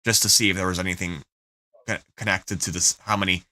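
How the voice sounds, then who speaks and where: A man's voice: low voice, level tone, fairly quick, sharp tone, dry recording, studio quality. A young man hosting a music livestream, talking casually with many restarts and fillers. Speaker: livestream radio host.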